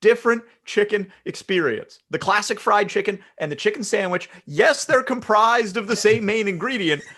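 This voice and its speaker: Podcast guy, playful teasing banter, high voice swinging up and down a lot. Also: animated, normal speed, pushed and bright. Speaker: podcast co-host. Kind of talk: casual chat.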